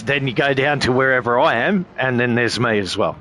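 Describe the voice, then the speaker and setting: A man's voice: medium pitch, brisk, hardly any pauses, pushed and bright. A laid-back Australian man chatting on a live sim racing stream. He rambles loosely and swears in nearly every line, talking easily to his viewers. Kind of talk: casual live-stream chat.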